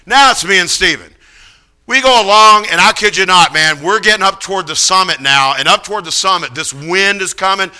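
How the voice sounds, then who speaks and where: A middle-aged man preaching, telling a story with lively acted-out voices of the people in it. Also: high-pitched, smooth. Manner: animated, acts out voices of others in the story. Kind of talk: sermon storytelling.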